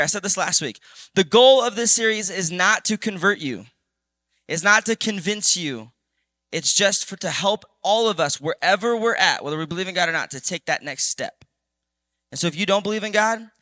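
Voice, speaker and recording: A man preaching to a youth group, telling a story with lively, animated asides to the crowd. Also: high-pitched, dry recording. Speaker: youth pastor. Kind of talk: sermon. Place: church youth service.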